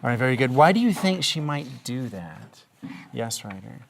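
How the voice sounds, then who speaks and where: A male teacher leading a reading lesson, speaking at an ordinary pitch with a gravelly edge. He asks patient, encouraging questions in a classroom, with a faint hiss in the recording. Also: very animated, normal speed.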